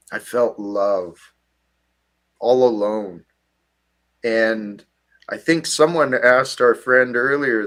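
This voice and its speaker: A man speaking slowly in a low voice, earnest and reflective as he describes his faith. He hosts a casual panel discussion. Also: a bit bright. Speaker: host.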